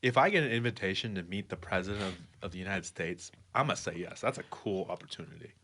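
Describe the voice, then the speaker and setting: A man's voice: low-pitched, lively intonation, fast talker, bright, forceful tone, slight background noise. A young man co-hosting a casual podcast, tossing in wisecracks. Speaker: podcast co-host. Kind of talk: casual chat.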